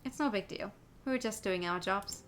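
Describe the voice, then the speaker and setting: A woman's voice: medium pitch, moderate pace, fairly bright tone, lightly acted. Woman reading a curt falcon lawyer.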